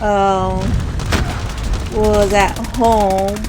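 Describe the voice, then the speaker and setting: A woman's voice: mid-range voice, flat delivery, very slow, background noise. A woman hosting a mobile gaming video, chatting casually and telling a story with lots of "like" and "um". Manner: rambling, filler-heavy "like" and "um". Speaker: mobile gaming channel host.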